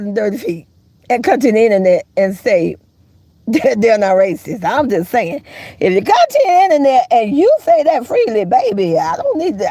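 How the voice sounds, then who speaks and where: A woman's voice: dark tone, husky, no room sound. A woman hosting a casual live stream, sassy and teasing, calling listeners baby and honey and laughing often. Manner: laughs often, jumps into high squeals. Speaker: host of a live gossip channel.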